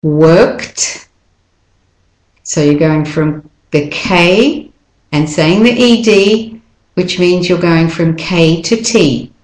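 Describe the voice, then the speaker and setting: A woman teaching pronunciation, saying each word twice with careful, clear articulation. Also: lowish voice, slow pace. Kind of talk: slow, careful pronunciation lesson. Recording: roomy echo.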